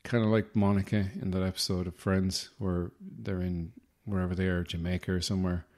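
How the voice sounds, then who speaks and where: A man's voice: low voice, level tone, fairly quick, a little mellow. An Irish man hosting a podcast, delivering a rambling, self-deprecating comic monologue with a wry manner. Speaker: podcast host.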